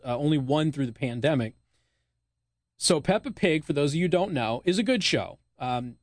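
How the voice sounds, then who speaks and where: A man's voice: fairly high pitch, dry recording. A man hosting a talk radio show, chatting casually into a studio microphone with friendly asides and small laughs. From United States.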